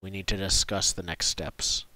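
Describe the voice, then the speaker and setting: A stern, aging village chieftain, as a male game master puts him on, speaking slowly and with grave command in a tabletop role-playing game. The voice sits low and heavy, and it comes across dry and close, with no room sound around it. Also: level tone, bright, forceful tone, dry recording.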